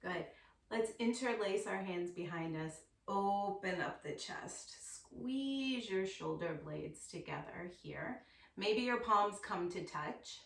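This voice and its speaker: A woman teaching a yoga class, calmly and slowly cueing poses and breaths. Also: medium pitch, creaky, recorded from a distance. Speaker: yoga instructor. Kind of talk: guided yoga class instruction. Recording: echoey room, voice set back from the mic.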